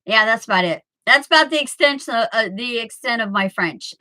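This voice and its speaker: A woman's voice: a little high, expressive, normal speed, sharp tone, poor audio. A woman in her early fifties chatting casually with viewers from home on a webcam, rambling and laughing often. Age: 50s. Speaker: live streamer chatting with viewers. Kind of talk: casual chat.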